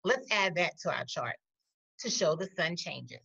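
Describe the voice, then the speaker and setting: Teacher, woman, slow deliberate classroom delivery, lively pitch, muffled recording. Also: creaky, husky. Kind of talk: recorded poetry lesson. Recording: dull lo-fi audio.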